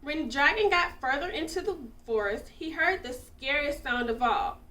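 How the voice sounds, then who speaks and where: A woman reading a children's picture book aloud with expressive, animated storytelling, in an echoey room away from the mic. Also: high voice, moderate pace, recorded from a distance. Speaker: storybook reader.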